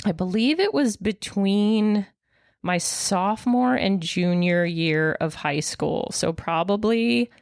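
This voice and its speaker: A woman's voice: medium pitch, slow pace, gravelly, dry recording, studio quality. A woman in her forties from New England, telling stories in casual podcast chat with lots of laughter. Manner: animated storytelling with frequent laughs. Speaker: guest.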